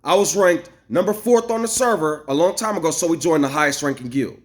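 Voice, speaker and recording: A man telling a long, rambling story to camera, animated and profane, acting out what others said. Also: fairly high pitch, fairly quick. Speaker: vlogger. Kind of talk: casual storytelling rant.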